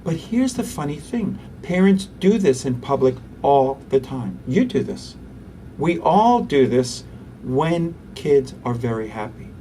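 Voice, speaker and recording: A man, a pediatrician and interview guest, who talks animatedly and acts out quick voices for parents and toddlers. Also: medium pitch, very animated, warm tone, far from the mic, a little hiss or hum. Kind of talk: conversational interview.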